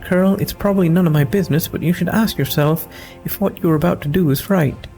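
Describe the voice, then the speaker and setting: A man voicing a gentle, serious woman paladin in a video game, speaking earnestly. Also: fairly high pitch, fairly quick, faint music behind, voice pushed up, lightly acted.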